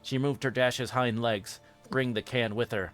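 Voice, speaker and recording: A man, the host, reading a fan fiction horror story aloud in a steady, even narration. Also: mid-range voice, normal speed, faint music behind.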